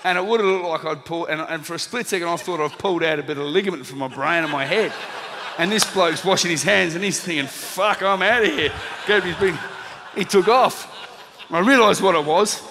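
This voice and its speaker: A man in his thirties with an Australian accent, telling a lively anecdote to a live audience and acting out the lines of the people in it. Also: on the high side, fairly quick, slight background noise. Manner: lively storytelling, acting out quoted lines, laughing at himself. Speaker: motivational speaker, former boxer. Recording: reverberant hall.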